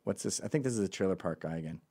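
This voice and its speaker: A male host with a lowish voice reacts to voicemails with sarcastic, mocking commentary. His pitch rises and falls in a lively way as he picks the messages apart. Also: racing, breathy edge.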